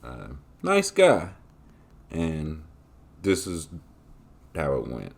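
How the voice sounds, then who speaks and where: A man hosts a podcast with a low, deep voice. He answers listener questions in a casual, joking, animated way. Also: extremely slow, vocal fry. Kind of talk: casual chat.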